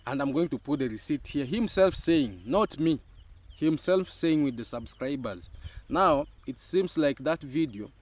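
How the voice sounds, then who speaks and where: A man's voice: on the high side, animated, unhurried. Emphatic Kenyan man commentating. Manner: emphatic, repeats his points, frequent "huh?" and "hmm?". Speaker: YouTube commentator. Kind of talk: casual commentary monologue.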